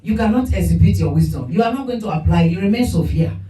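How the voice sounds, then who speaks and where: A woman's voice: medium pitch, fast. Woman preaching, echoey. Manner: animated preaching with laughs and quoted voices. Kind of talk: sermon. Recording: echoey room from far off with music.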